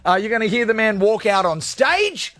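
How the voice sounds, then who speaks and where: Loud joking Australian radio host man. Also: high voice, sing-song, normal speed, dry recording. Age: 40s. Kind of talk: live radio banter.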